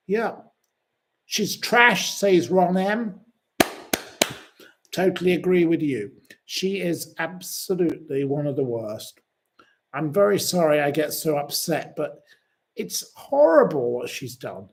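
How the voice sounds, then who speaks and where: A man's voice: on the high side, lively intonation, slow pace, long pauses. A man hosting a livestream, harshly berating his target and reading viewer comments aloud. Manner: indignant, harsh name-calling, reads viewer comments aloud. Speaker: livestream host.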